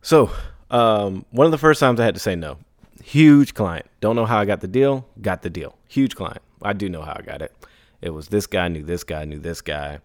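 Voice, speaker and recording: A man hosting a solo podcast, telling business stories in a casual, animated way, acting out others in high put-on voices and laughing between lines. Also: normal speed, no echo, clean studio sound. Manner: laughs and sighs often. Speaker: podcast host.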